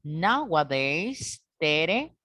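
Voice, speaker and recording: Slow-talking woman teacher on a video call. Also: low voice, very animated, fairly bright tone, no room sound. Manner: patient, repeats and checks with students. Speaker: English teacher. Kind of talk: online class instruction.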